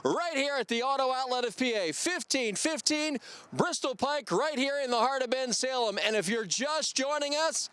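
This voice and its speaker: A man hosting a car commercial, booming like an announcer as he talks to the ladies and gentlemen watching. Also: expressive, moderate pace, smooth, dry recording. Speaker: commercial host. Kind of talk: broadcast sales pitch.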